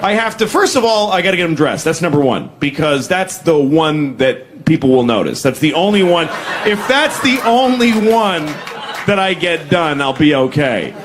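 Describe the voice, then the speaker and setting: Male stand-up, wry and deadpan, lively pitch. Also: moderate pace, a crowd in the background. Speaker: stand-up comedian. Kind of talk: stand-up routine.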